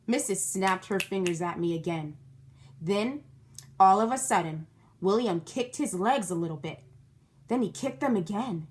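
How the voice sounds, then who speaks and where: A woman's voice: mid-range voice, expressive, measured pace. A woman reading a children's book aloud, stopping to explain words and ask her young listeners questions. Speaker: storybook reader.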